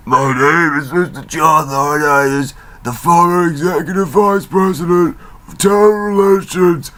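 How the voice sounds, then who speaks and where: A man imitating a pompous middle-aged male wrestling executive who makes loud, self-important proclamations. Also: fairly high pitch, a little slow, pitched above the performer's own voice. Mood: pompous shouting.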